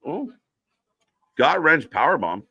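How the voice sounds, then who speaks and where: A man's voice: a little high, big pitch swings, slow pace, vocal fry, bright, forceful tone, breathy edge, dry recording, lo-fi sound. A man co-hosting a live wrestling watch-along, chatting casually, swearing and reading out viewers' names. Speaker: co-host.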